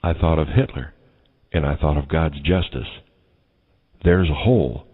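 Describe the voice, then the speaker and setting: A man's voice: rumbling low, measured pace, husky, phone-quality sound. A man solemnly recounting a vision as a personal testimony. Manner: solemn, grave retelling of a vision. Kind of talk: testimony narration.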